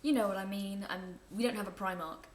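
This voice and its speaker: With a mid-range voice and a fairly quick pace, a young woman from England chats to camera at home, answering viewer questions. She rambles casually and finds her own asides funny. The room sounds echoey, with faint noise behind her.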